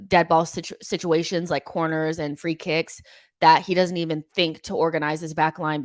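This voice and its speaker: A woman's voice: sits low, no room sound, clean studio sound. A young woman hosting a live football fan show, chatting casually and reading out viewer comments, with lots of ums and likes and frank opinions.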